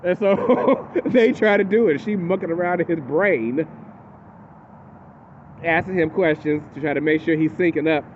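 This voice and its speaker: Male recapper, animated and chatty, slightly high voice, phone-like audio with faint hiss. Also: moderate pace. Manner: animated, acts out characters in quotes. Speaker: TV recap host. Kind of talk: casual episode recap.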